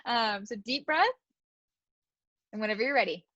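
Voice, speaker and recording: A woman acting as a speech clinician, coaching a client through exercises in a gentle, encouraging way. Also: fairly high pitch, expressive, normal speed, no room sound, dull audio. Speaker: student speech-language clinician. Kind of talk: clinical exam instructions.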